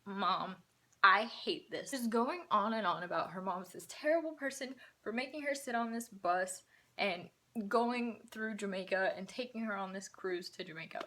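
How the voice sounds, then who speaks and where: A young woman vlogger telling a storytime in a casual, animated, sarcastic way, a bit out of breath. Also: medium pitch, normal speed.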